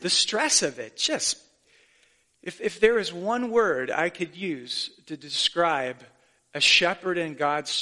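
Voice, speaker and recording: Male pastor, forties, bright, fairly high voice, earnest conversational preaching. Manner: earnest, conversational preaching with self-deprecating asides. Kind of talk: sermon.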